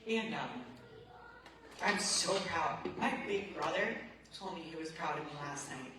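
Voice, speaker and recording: A woman's voice: deep voice, lively intonation, a little slow. A woman sharing her recovery story at a support meeting, emotional and rambling with lots of "like" and "man". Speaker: recovery group member. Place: meeting room. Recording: very echoey room, voice far from the mic, background noise.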